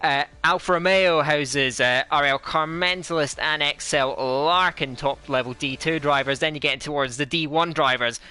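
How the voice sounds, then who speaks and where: A man with a put-on Scottish accent hosts the race broadcast, chatty and energetic, stumbling through restarts and fillers. His voice is bright and crisp, pitched a little high for a man. Faint music sits underneath. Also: normal speed, few pauses. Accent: fake Scottish. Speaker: sim racing commentator. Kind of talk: esports race commentary.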